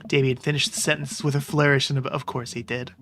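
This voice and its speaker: A man's voice: medium pitch, little pitch movement, a little fast, fairly bright tone. A man reading a visual novel aloud and commenting in a casual, jokey way. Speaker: let's play host.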